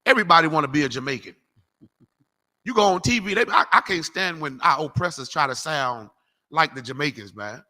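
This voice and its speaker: A man preaching in a loose, slangy style, emphatic and animated as he calls for scripture to be read. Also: fairly high pitch, a little fast. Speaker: street preacher teaching a class. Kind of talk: preaching lecture.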